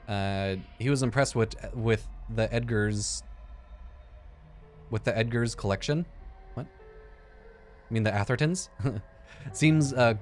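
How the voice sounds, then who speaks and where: Low male let's player, casual and jokey, thinks aloud and curses freely, faint game music underneath. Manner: joking, swears, thinks aloud. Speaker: let's play gamer. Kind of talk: casual gameplay commentary.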